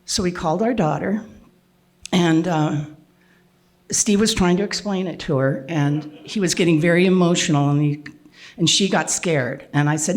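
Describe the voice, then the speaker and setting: An older woman telling a personal story to an audience, with frequent restarts and throat clearing. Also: fairly low pitch, normal speed.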